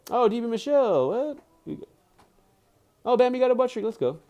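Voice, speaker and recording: On a live stream at home with his pet dogs nearby, a man reads a book aloud and breaks off into casual chat. His voice is very high, and he's animated and quick to laugh, often correcting himself mid-sentence.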